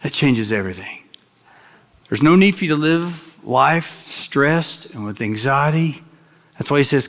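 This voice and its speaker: Man preaching in a reverberant sanctuary. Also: mid-range voice. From Kentucky. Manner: swings from loud emphatic exhortation to quiet, slow, hushed phrases; folksy, jokes with the congregation. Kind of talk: sermon. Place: large church sanctuary. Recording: long hall reverb from a church sanctuary.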